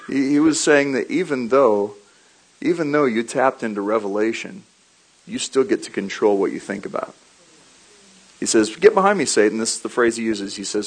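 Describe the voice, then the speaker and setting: A man preaching a sermon, telling animated stories, laughing briefly and repeating his key lines. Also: lowish voice, moderate pace, breathy edge, low-quality recording.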